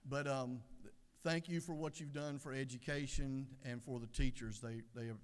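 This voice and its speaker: A middle-aged man giving a folksy devotional sermon, unhurried with many fillers. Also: medium pitch, steady tone, clear, resonant tone. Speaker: devotional speaker. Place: legislative chamber. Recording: echoey chamber.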